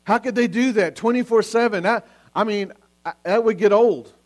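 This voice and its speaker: A man with a notably high voice delivers a Sunday sermon. He speaks with earnest urgency, stacking question upon question and now and then stumbling and restarting a word. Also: normal speed. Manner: earnest preaching with repeated questions, sometimes restarting words. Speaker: pastor.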